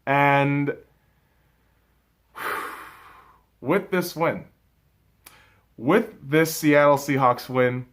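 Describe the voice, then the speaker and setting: Brief: young male fan-podcast host, slightly higher voice, profane heated rants that drop to mutters. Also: very slow, pauses often. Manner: profane, heated ranting with big swings in loudness. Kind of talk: casual fan commentary.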